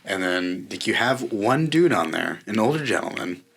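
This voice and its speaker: A man hosting a podcast, asking questions in a relaxed, encouraging way. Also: fairly low pitch, moderate pace, husky. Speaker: podcast host. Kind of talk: casual interview chat.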